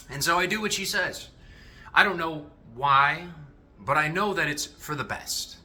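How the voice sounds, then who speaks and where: A man giving a casual motivational monologue to his viewers, animated and freely swearing as he talks to them directly. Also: on the high side, a little slow. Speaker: self-improvement vlogger.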